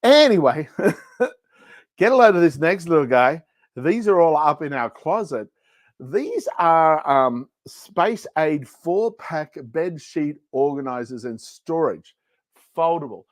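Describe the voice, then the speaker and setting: A man demos products on a casual livestream, joking and rambling as he goes. His voice sits fairly high for a man. The sound is close and dry, with no room echo. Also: animated, slow pace. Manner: playful, jokey, rambling. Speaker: livestream shopping host. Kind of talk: casual product demo chat.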